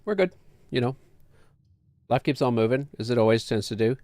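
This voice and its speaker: Middle-aged New man hosting a stream, mid-pitched, chatty and rambling, dry close sound. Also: lively intonation, brisk, a little mellow, no echo. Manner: chatty, rambling, upbeat greetings. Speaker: streamer host. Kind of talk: casual gaming stream chat.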